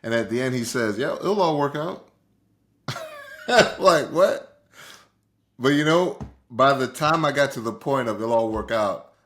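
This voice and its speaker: A man co-hosting a casual talk show, animated and repeating words for emphasis. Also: on the low side. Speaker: podcast co-host. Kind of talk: casual conversation.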